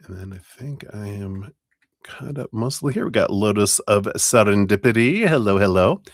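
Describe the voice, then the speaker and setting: A man's voice: lowish voice, creaky, no echo, clean studio sound. A man hosting a live tarot stream, casually greeting viewers by name and thanking them.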